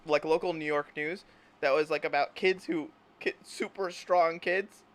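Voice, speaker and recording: A man's voice: a little high, steady tone, normal speed. A man hosting a casual chat, rambling through stories, laughing constantly and acting out silly imagined lines. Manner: giggly, rambling, laughs through his words. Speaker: host.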